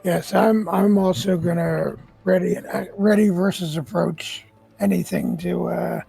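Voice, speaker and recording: Husky man player with a heavy gravel and dark tone, halting delivery. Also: high-pitched, steady tone, faint music behind. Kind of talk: playing a tabletop game.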